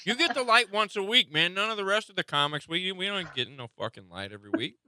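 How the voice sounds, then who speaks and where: Laid-back profane voice, very lively. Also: mid-range voice, fast talker. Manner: laid-back, profane, says "man" a lot. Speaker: podcast co-host. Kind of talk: casual chat. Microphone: video call.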